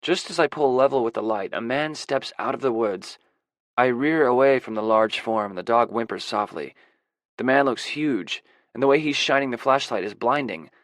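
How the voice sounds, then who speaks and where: A man narrating a first-person audiobook in a measured, introspective way. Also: mid-range voice, no room sound. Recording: dry close audiobook recording.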